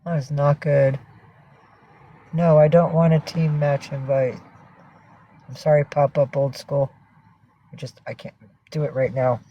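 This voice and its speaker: A woman's voice: deep voice, steady tone, measured pace, pauses often, highs cut off, slight background noise. A woman hosting a casual livestream from home, rambling and swearing as she greets viewers and coaxes her cats. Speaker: livestream host.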